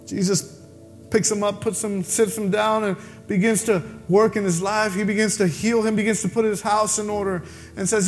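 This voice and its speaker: A man preaching a sermon, telling a story with lively acted-out voices. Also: sits high, moderate pace, faint music behind. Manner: animated preaching, acts out voices in his story. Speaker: pastor.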